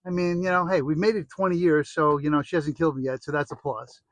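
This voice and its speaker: A man's voice: on the high side, steady tone, fast talker, no room sound, poor audio. A middle-aged American man telling rambling, jokey stories in a casual monologue, full of restarts and asides. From United States.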